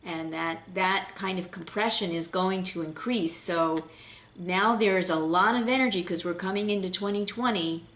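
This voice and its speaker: A woman giving an unscripted spiritual tarot reading in a gentle, flowing way, pausing with fillers and restarts. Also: lowish voice, echoey room. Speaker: intuitive tarot reader.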